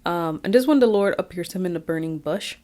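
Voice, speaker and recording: A woman's voice: on the low side, lively intonation, quick pace, a little mellow. A woman giving a casual, reflective Bible recap, chatty with many fillers and restarts. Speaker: Bible study vlogger. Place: outdoors, windy.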